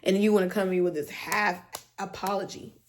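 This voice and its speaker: A young adult woman telling a storytime vlog in an animated, slangy, exasperated way. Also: mid-range voice, quick pace, slight background noise. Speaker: vlogger.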